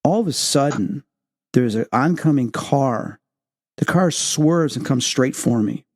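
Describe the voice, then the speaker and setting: A man hosting a talk radio show, telling personal stories in an animated way and acting out quoted speech. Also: medium pitch, measured pace. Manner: animated storyteller, acts out quotes. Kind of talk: interview and personal storytelling.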